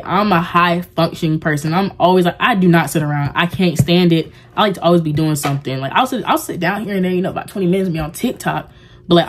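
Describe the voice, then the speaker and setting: Opening up to her camera in a casual confessional vlog, a young woman rambles in a warm, heartfelt way, saying "like" constantly and looping back with filler words. Her voice sits on the low side for a woman.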